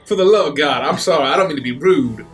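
A man player in character, polite and exasperated, stumbling over his words. His voice is high and lively, with soft music beneath. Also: fast. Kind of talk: in-character role-play.

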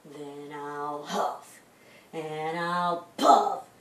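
A woman voicing a loud, bullying big bad wolf in a storybook reading, with slow, drawn-out calls. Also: deep voice, reverberant, far from the mic, slight background noise. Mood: threatening.

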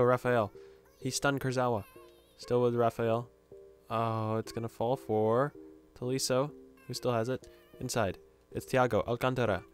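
A young man giving casual, jokey video game commentary, reacting loudly to every play. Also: medium pitch. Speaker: gaming YouTuber.

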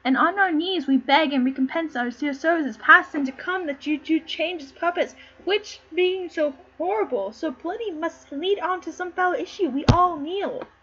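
A woman's voice: extremely high pitch, moderate pace, hardly any pauses, a bit bright. A woman reading the lines of pleading courtly lords in an amateur play read-through, earnest and pleading. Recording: slightly muffled with faint noise.

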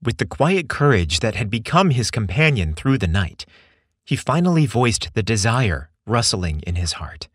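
A man reading a scripted story aloud with expressive, measured storytelling. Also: fairly low pitch, no room sound, studio quality. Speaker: narrator.

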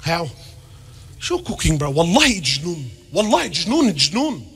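A middle-aged man giving a lively, joking sermon, dropping Arabic phrases into his English. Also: fairly high pitch, unhurried, breathy edge, soft background music. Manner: animated, jokey, mixes Arabic phrases into English. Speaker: Islamic preacher.

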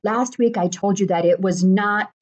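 Husky woman leading a Bible study. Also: medium pitch, moderate pace. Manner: steady, explaining and reading aloud. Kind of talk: explanatory teaching. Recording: dull lo-fi recording.

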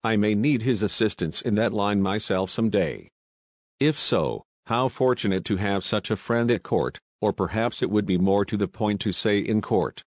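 A man voicing a cool, scornful scheming society woman, speaking calmly and lightly mocking. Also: lowish voice, normal speed, no echo, natural voice.

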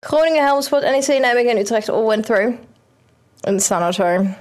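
A young woman, streaming a football manager game and chatting excitedly at it. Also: a little high, fairly quick. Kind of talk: casual game commentary.

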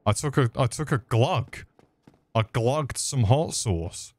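A man's voice: mid-range voice, animated, slow, a little mellow. A man giving crude, joking commentary over gameplay, swearing freely and mocking the enemies. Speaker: gaming video creator.

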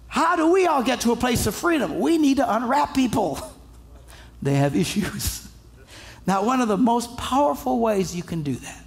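A male pastor delivering a sermon, telling stories in a lively, humorous way and acting out the people in them. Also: extremely high pitch, gravelly, a little hiss or hum. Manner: animated, humorous storytelling with acted-out voices.

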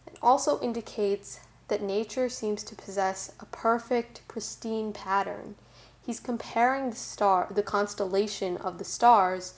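A woman tutor giving a clear, methodical tutorial on analyzing a poem. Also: medium pitch, a little mellow. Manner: clear, methodical, friendly teaching. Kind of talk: tutorial explanation.

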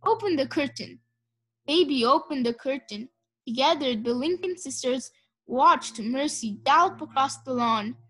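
A woman narrating a children's storybook with clear, measured pacing. Her voice is high. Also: a bit bright. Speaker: audiobook reader. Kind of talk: children's storybook read-aloud.

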